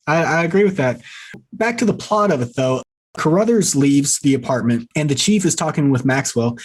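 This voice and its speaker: A man co-hosting a movie podcast, recapping plot scenes and acting out the characters' lines. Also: medium pitch. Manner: animated storyteller acting out quoted lines. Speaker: podcast co-host.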